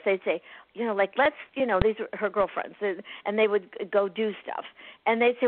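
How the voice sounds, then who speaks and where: A woman's voice: medium pitch, moderate pace. A woman healer being interviewed, telling stories with laughs and acting out the people she quotes. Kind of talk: animated storytelling interview. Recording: phone-like narrow sound.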